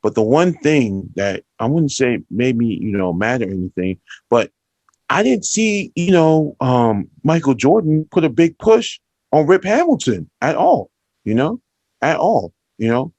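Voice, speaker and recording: A man's voice: medium pitch, very animated, unhurried, darkish tone, no room sound. A man speaking casually on a podcast, stringing his points together with fillers. His voice sits in a middle range and sounds dry, close to the mic. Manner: chatty, lots of "you know" fillers. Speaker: podcast co-host. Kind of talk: casual chat.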